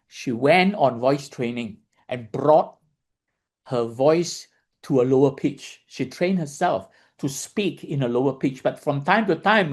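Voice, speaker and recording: A man's voice: fairly high pitch, darkish tone. A man giving a dharma lesson. He explains patiently, repeats points, and keeps checking in with listeners by asking "okay?" and "right?". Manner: repeats points and restarts phrases. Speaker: meditation teacher.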